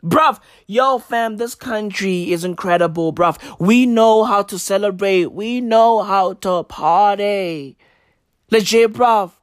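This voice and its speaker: A woman's voice: mid-range voice, takes it slowly, no room sound, clean studio sound. A woman from South Africa delivering a sarcastic comedic rant, mock-serious, full of street slang and swearing.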